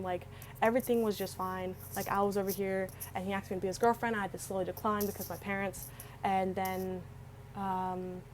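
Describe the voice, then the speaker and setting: A teenage girl tells a personal story in a loose, rambling way, restarting sentences and leaning on "like". Her voice sits at a middle pitch. A faint noise hangs behind her. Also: a little mellow, rough recording. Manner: rambling, heavy use of "like", many restarts. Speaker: vlogger. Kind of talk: casual storytime.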